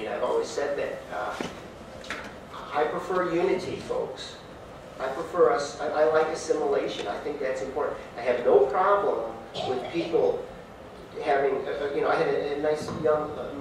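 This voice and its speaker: A man who is a mayoral candidate, answering a debate question in a folksy, rambling way full of fillers. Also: medium pitch. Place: large echoey hall, heard from far off. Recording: echoey hall, distant mic, faint hiss.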